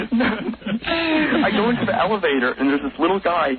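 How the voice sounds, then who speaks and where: A man's voice: high-pitched, lively intonation, fairly quick. A man calling into a radio show, rambling through his story and giggling often. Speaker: prank caller. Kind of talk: casual chat. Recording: noisy tinny phone line.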